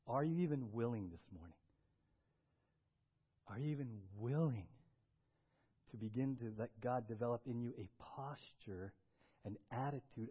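A man preaching a sermon as pastor, swinging between loud emphatic bursts and quiet, low stretches. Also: breathy edge, muffled recording.

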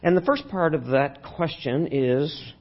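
A man's voice: a little high, a little slow, highs cut off. A man preaching a sermon in a church sanctuary, talking conversationally and putting questions to the congregation. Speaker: pastor.

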